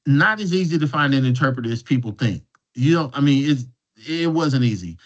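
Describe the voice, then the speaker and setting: Guest speaker, man, mid-pitched, casual anecdotal delivery with restarts, muffled lo-fi audio. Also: lively intonation, fairly quick. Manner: restarts and repeats words while telling a story. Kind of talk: conversational storytelling.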